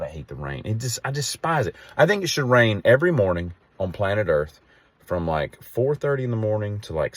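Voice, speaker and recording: A man's voice: on the low side, no echo. A man telling a rambling story and ranting casually to camera, exasperated. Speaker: vlogger.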